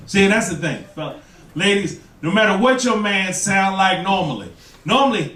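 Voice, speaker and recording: Brisk and expressive, this high-pitched man works a club stage doing stand-up, bantering with the audience and voicing the people he makes fun of. The recording catches him from afar in a roomy room, with loud laughter and applause from the crowd.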